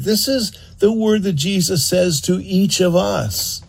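A man preaching a sermon, telling the story in an animated, earnest way and urging listeners to act on it. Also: high voice, slow pace, gravelly, breathy edge. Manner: animated storyteller, acts out scenes; earnest, exhorting.

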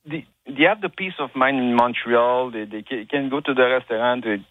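Halting male caller on a phone line. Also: medium pitch, no echo. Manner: halting, many restarts and fillers. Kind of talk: call-in phone chat.

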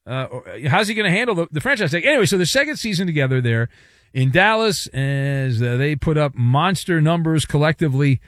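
A man's voice: fairly quick, dry recording, studio quality. A man hosting a sports talk radio show, riffing with sarcastic, playful commentary and jokes. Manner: lively, sarcastic, animated swings in pitch.

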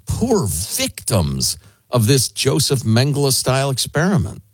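A man hosting a talk radio show, chatting casually in a sarcastic, deadpan way. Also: mid-range voice, a little slow, husky, dry recording.

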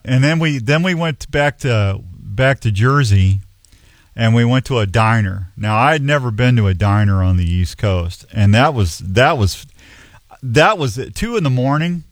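A man's voice: fairly low pitch, no echo, studio quality. Rambling folksy man in his sixties. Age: 60s. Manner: rambling storyteller, folksy, many restarts. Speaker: radio show host. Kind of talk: casual radio chat with announcements.

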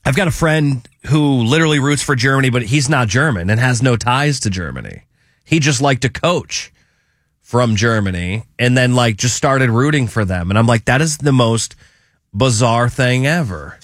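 A man's voice: medium pitch, no room sound, clean studio sound. A man hosting a radio show, teasing his co-host in casual banter and often stumbling over his words. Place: radio studio.

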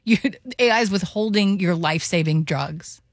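A woman co-host on a radio talk show, trading animated, laughing banter with the men. Her voice is on the low side for a woman, close and dry in the studio. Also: moderate pace, no room sound. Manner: animated, laughing, worried asides.

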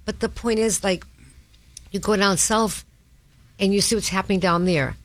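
A woman's voice: mid-range voice, normal speed, long pauses, dry recording. Blunt Boston woman hosting talk radio. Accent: Boston North Shore. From North Shore of Boston. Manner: blunt, emphatic, opinionated. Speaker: radio show host. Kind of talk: casual talk radio chat. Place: radio studio.

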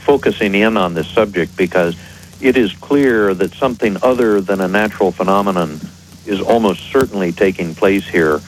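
A man appearing as an expert guest on a radio show, explaining in a measured, precise way. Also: deep voice, a little hiss or hum, rough recording.

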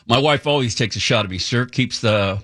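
A middle-aged man, a radio co-host, chatting casually and telling lively stories that he laughs his way through. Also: medium pitch, fairly quick. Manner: animated storyteller, laughs through his anecdotes.

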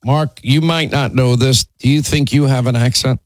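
Male talk radio host, middle pitch, dry close mic, firm and plainspoken. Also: fairly even intonation, normal speed, dry recording, rough recording. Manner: plainspoken, firm, repeats himself when making a point.

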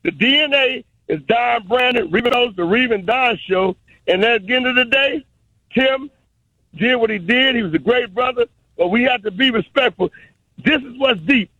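A man's voice: very high voice, normal speed, sharp tone, husky, no room sound. Insistent older man on a muffled phone. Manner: preachy, insistent, speaks in proclamations. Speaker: caller, community elder. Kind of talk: phone-in tribute.

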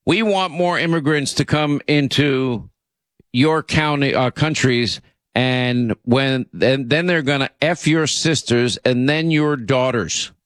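A man's voice: medium pitch, takes it slowly, fairly bright tone, dry recording, studio quality. A man hosting a talk radio show, delivering an indignant opinion monologue full of restarts and asides. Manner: indignant, repeats himself, frequent uh and you know.

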